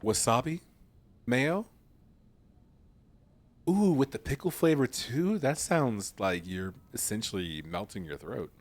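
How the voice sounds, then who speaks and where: A man's voice: mid-range voice, expressive, slow pace, pauses often. A man casually commenting while streaming a video game, joking and laughing often. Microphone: desk mic with webcam.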